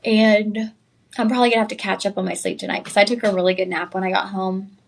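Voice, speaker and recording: A woman presents jewelry live on a shopping channel. She is chatty and effusive, speaks right to the viewers, and sounds a little tired. Her voice sits at an ordinary middle pitch. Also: little pitch movement, fast, creaky.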